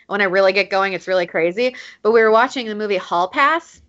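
A young woman telling funny stories in casual chat, animated and quick to break into loud laughter. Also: mid-range voice, lo-fi sound. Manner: animated storyteller, laughs loudly mid-sentence.

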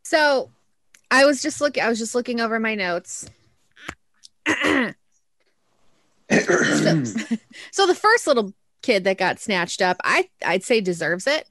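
A woman's voice: on the high side, very animated, takes it slowly, long pauses, a bit bright, no room sound, studio quality. A woman co-hosting a casual film review chat, giggling often and acting out her own reactions. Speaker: podcast co-host.

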